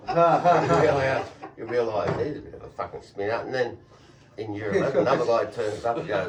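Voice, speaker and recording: Sweary australian bloke telling stories. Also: male voice, mid-range voice, lively intonation, brisk, noisy background. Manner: swearing, laughing, blunt. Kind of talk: casual storytelling chat. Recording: echoey room, voice picked up from a distance.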